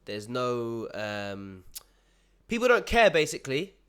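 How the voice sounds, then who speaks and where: A man's voice: mid-range voice, sing-song, slow pace, a bit bright, smooth. A young man giving casual reaction commentary, full of slang, tacking bro onto nearly every sentence.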